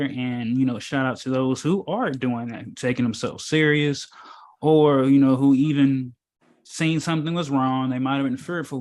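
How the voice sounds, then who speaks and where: A man's voice: medium pitch, a little mellow. Casual preachy man, rambling and emphatic. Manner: emphatic, rambling, with many fillers and rhetorical questions. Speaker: spiritual teacher in an informal meetup.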